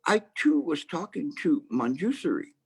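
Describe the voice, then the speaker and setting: A man's voice: on the high side, sing-song, unhurried, gravelly, a little mellow, husky, voice pushed up, heavily acted. A man voicing a cheeky, innocent young monk answering his teacher in a story told during a meditation talk. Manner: earnest, cheeky replies.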